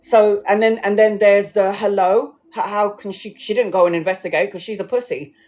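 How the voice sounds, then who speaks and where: Woman rattling off spooky stories on a livestream, lively, swears a lot. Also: medium pitch, normal speed. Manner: animated, swearing, acts out quoted people. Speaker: tarot reader telling ghost stories. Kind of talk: casual storytelling livestream.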